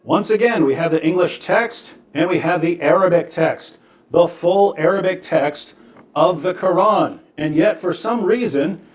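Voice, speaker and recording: A man with a somewhat high voice explains his point in a calm, measured monologue with a dry, wry edge. He is recorded in an echoey room. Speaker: video creator.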